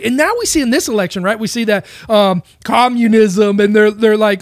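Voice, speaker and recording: A man's voice: high-pitched, normal speed, hardly any pauses, no echo, studio quality. A man giving a casual, rambling monologue on faith, with many rhetorical questions. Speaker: Christian speaker.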